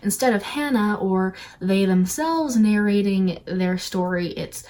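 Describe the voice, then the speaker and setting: A woman giving an opinionated review commentary in a sarcastic, rapid, exasperated way. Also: medium pitch, darkish tone. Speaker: video reviewer.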